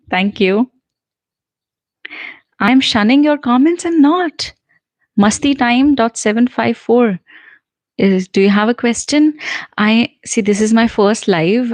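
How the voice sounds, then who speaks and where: Chatty Indian-accented English teacher. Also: female voice, medium pitch, a little mellow, no echo, poor audio. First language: Hindi and Punjabi. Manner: chatty and encouraging, with frequent fillers and restarts. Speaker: spoken English teacher and channel host. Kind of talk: casual live-stream chat reading viewer comments.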